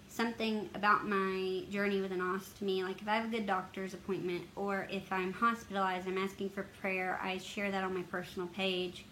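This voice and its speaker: Earnest woman vlogger, confessional storytelling, mid-pitched voice, faint background noise. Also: a bit bright, low-quality recording. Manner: earnest, emotional, open. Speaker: health advocacy vlogger.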